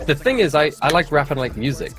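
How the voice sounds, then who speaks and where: A man's voice: on the high side, big pitch swings, fast talker, over music. A young man from England with an English accent, chatting as an interview guest in a laid-back, rambling way. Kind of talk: casual interview chat.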